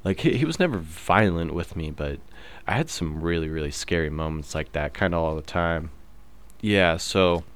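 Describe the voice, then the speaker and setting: A young man in his twenties hosts his own podcast, telling stories in a laid-back, swear-heavy monologue full of fillers. His voice is deep with a clean tone.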